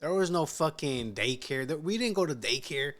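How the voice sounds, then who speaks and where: A man's voice: fairly high pitch, expressive, normal speed, a bit bright. A man hosting a reaction video, talking casually and profanely, peppered with dude and bro. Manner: profane, laid-back, says dude and bro. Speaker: reaction host.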